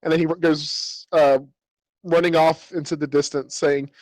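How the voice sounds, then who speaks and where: A man narrates a tabletop game as its game master, with a slightly raised pitch. He rambles, filling gaps with ums and circling back to restart his sentences. The sound is dry and close. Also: flat delivery, moderate pace, darkish tone, no echo, low-quality recording. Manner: rambling, with many fillers and restarts.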